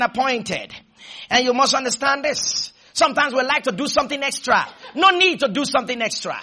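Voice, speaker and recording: Male preacher, sermon. High, lively, slightly husky voice; punchy call-and-response. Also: a little fast. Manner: emphatic, with sudden shouted bursts and call-and-response; playful storytelling asides.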